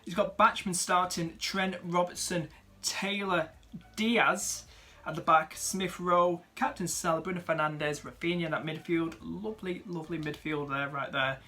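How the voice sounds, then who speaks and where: Speaking at a moderate pace, a young man who makes fantasy football videos on YouTube goes over viewers' teams in an easygoing, talkative way. For a man his voice is fairly high and bright; fillers come often, and he addresses his audience as "mate" and "dude."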